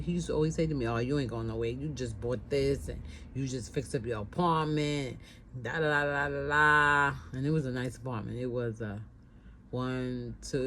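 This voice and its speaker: Speaking in a slightly mellow bass, this middle-aged woman recounts something from her own life in a relaxed, chatty way. She repeats herself and performs other people's lines, though the audio is poor with slight background noise.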